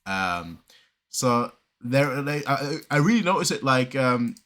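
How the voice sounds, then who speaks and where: A man from southern Germany giving casual reaction commentary, talking fast and rambling with many restarts and pauses. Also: mid-range voice, big pitch swings, a bit bright. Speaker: reaction video creator.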